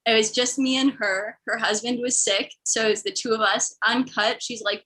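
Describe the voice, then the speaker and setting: A woman's voice: a little high, steady tone, normal speed, pushed and bright, low-quality recording. A young woman from the American Midwest telling a rambling, self-deprecating stand-up story. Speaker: comedian.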